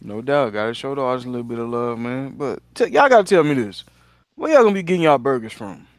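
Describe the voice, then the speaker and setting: A man's voice: medium pitch, expressive, quick pace, no echo. A man co-hosting a podcast, talking in laid-back slang and laughing often. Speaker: podcast co-host. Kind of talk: casual podcast banter.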